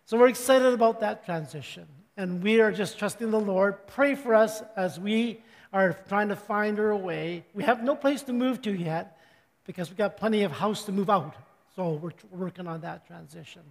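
An older male pastor preaching in a relaxed, joking way, his fairly high voice a little hoarse. He clears his throat often between his points. The sound carries a long reverb, as in a church hall. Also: normal speed. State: slightly hoarse. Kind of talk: sermon.

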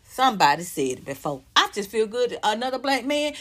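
A woman's voice: fairly high pitch, sing-song, fairly quick, a bit bright. A woman in her fifties giving emphatic, outspoken pop culture commentary. She reads posts aloud, reacts to them and swears freely. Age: 50s. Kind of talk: animated commentary vlog.

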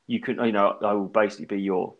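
A man in his thirties from England, co-hosting a podcast in casual chat, rambling through an animated story and swearing freely. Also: fairly low pitch, quick pace, vocal fry, highs cut off. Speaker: podcast co-host.

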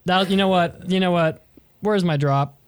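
A man's voice: high voice, normal speed, very noisy. A man co-hosting a casual podcast, joking around and restarting sentences. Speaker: podcast co-host.

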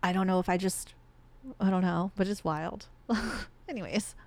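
A woman's voice: lowish voice, steady tone, moderate pace, darkish tone. A woman in her thirties with a light Midwest American accent, telling stories in casual podcast chat and laughing often. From Michigan. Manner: chatty, laughs often, repeats words with 'like'. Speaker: podcast co-host.

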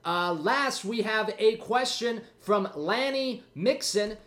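A man's voice: sits high, animated, slow pace, a bit bright. A man hosting his own podcast alone, rambling and joking at his own expense, a bit winded. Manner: rambling, jokey, self-mocking. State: out of breath. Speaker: podcast host. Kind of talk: casual solo podcast chat.

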